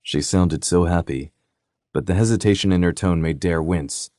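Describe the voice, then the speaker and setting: Deep dark male narrator reading a novel, steady, dry close sound. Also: normal speed, no room sound. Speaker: audiobook narrator. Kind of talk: scripted narration.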